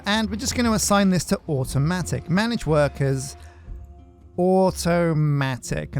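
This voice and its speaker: A man hosting a gaming video, giving casual gameplay commentary in a joking, rambling, self-mocking way. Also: a little high. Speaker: gaming channel host.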